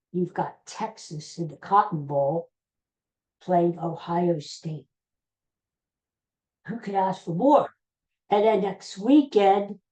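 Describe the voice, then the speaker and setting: A woman hosting a podcast, chatting casually in an excitable, rambling way. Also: fairly low pitch, rough recording. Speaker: podcast host. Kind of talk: casual rambling chat to camera.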